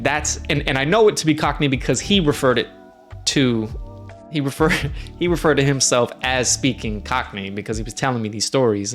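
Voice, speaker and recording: A man's voice: mid-range voice, a bit bright. A man from the United States chatting casually, telling travel stories in a friendly, rambling way with plenty of fillers. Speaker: streamer host. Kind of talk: casual storytelling. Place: indoors, lives in Norway.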